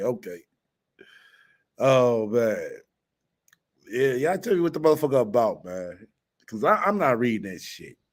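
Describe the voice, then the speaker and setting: A man hosting a casual commentary livestream, swearing a lot, mocking and laughing as he reads and answers comments. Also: mid-range voice. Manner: profane, mocking, laughs often. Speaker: host.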